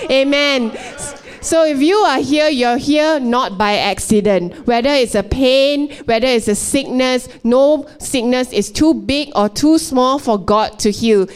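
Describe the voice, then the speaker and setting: Smooth-voiced woman sharing a testimony. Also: on the high side. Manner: storytelling, hesitant fillers. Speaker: church member giving a testimony.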